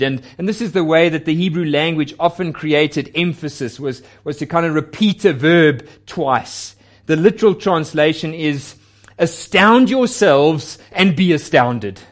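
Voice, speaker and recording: Slow, earnest higher-voiced male preacher. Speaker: pastor. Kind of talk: sermon.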